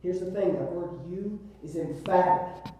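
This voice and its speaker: Emphatic preacher in an echoey church. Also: male voice, high-pitched, unhurried, dark tone, a little hiss or hum. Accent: Southern US. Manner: emphatic, repeats words, addresses listeners with "listen" and "right?". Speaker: pastor. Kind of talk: sermon. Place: church sanctuary. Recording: very echoey room, voice from a distance.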